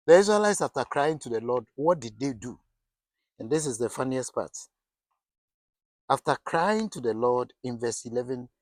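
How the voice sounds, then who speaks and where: A man's voice: mid-range voice, no room sound. Man preaching with questioning restarts. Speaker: pastor. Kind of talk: sermon.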